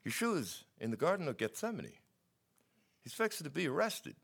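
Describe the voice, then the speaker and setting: A middle-aged man preaching a sermon, telling stories in a wry, skeptical, animated way. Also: fairly high pitch, normal speed, gravelly, slightly rough.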